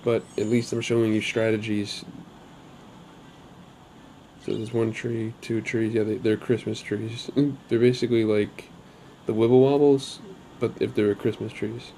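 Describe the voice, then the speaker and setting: A man's voice: on the low side, level tone, measured pace, dark tone, slight background noise. A man hosting his own gaming channel, talking casually over gameplay in a chatty, upbeat way with rambling asides.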